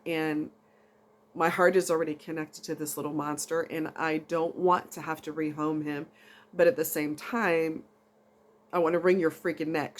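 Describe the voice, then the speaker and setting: A woman chatting casually to camera in a rambling, emotional vlog. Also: low-pitched. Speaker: vlogger.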